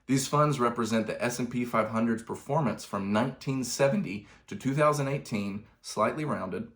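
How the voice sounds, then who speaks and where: A man giving a conversational finance lesson, correcting himself now and then and adding wry asides. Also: medium pitch. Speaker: finance instructor. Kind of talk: explanatory video lesson.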